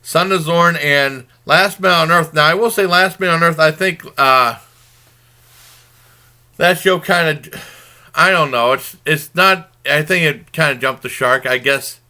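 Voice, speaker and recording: Bright, forceful man reviewing a TV show. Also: fairly high pitch, a little slow. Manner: rambling plot retelling; informal and conversational. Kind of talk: casual TV review vlog.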